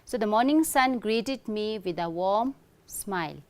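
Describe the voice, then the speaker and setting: A woman's voice: medium pitch, expressive, measured pace, darkish tone, clean tone. A middle-aged woman teaching an English lesson, explaining step by step and checking in often with "okay?" and "right?". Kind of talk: recorded online lesson.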